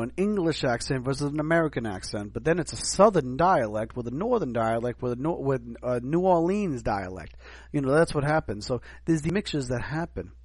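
A man with a New York accent hosting a podcast, talking through a rambling, animated solo commentary full of restarts and asides. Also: mid-range voice, no echo. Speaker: podcast host.

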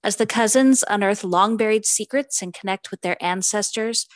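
A woman's voice: mid-range voice, moderate pace, no echo. A woman co-hosting a podcast in casual chat, chatty and giggly with many fillers, also reading out a book synopsis. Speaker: podcast co-host.

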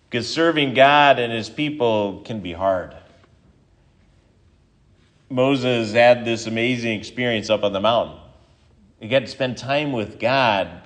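A male pastor giving a sermon, reading scripture, then telling a story in a relaxed, conversational way with frequent restarts. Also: mid-range voice.

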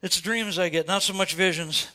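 A man's voice: high-pitched, steady tone, moderate pace, pushed and bright. An older man, a pastor preaching a sermon to his congregation, pressing his points with repeated, rising questions. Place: church sanctuary before a congregation.

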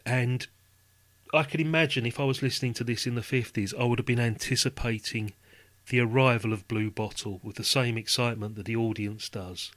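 A man's voice: medium pitch, fairly even intonation, brisk, fairly bright tone, dry recording. Male guest, casual chat, rambling, dry booth sound. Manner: rambling, many restarts and "you know". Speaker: podcast guest.

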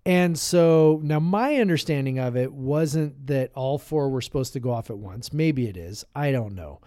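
A man co-hosting a casual podcast, telling a long story in a loose, rambling way and circling back with fillers. His voice sits at a middling pitch. The room sounds dry and close. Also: animated, moderate pace, dark tone, no echo. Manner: rambling storyteller, lots of "like" and restarts. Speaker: podcast co-host. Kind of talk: casual chat. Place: podcast room, shared with co-host.

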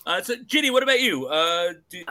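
A man's voice: high-pitched, big pitch swings, brisk, sharp tone. A man hosting a podcast who rambles casually, steering the talk with many fillers and restarts. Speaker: podcast host. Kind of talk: casual chat.

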